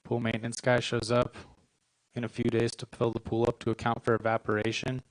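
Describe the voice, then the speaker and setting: A man's voice: medium pitch, a little fast, no echo, low-quality recording. Dry-voiced young man doing stand-up. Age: 20s. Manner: deadpan, self-deprecating delivery with short punchlines. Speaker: stand-up comedian. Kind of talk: stand-up comedy set. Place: comedy club stage.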